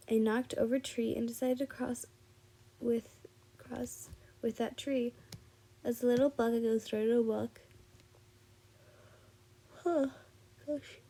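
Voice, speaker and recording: A tired woman reading a fan fiction story aloud, slowly and with frequent restarts. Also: a little high, steady tone, mellow. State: tired and yawning.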